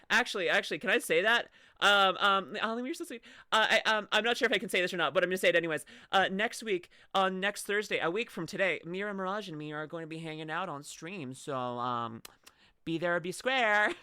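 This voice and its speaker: Woman, bright clear voice, dry close sound, rambling casual reaction chat, stammering restarts. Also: lowish voice, a little fast, dry recording. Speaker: streamer reacting to a video.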